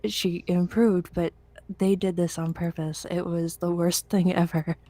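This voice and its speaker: A woman's voice: lowish voice, flat delivery, measured pace, warm tone, dry recording. A woman, a veteran, recalling boot camp in rambling casual chat with many restarts. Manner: rambling, full of fillers and restarts. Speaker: veteran podcast guest.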